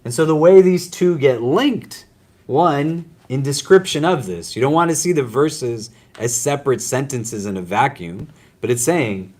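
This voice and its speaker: In a university Islamic center's lecture room, a man serving as imam teaches a casual religious class in an animated, medium-pitched, darkish voice at normal speed. He talks conversationally, pokes fun at himself, and often checks in with "right?" and "does that make sense?"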